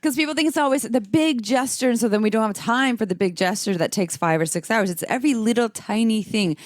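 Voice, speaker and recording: A woman hosting a casual podcast, chatty and self-deprecating, quick to laugh. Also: a little high, no echo, studio quality. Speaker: podcast host.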